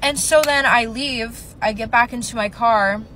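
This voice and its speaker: A woman with a slightly high voice rambles through a storytime, full of fillers and sounding upset. She records from inside a car, with faint vehicle noise in the background. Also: normal speed, bright, forceful tone, low-quality recording. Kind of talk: casual storytime.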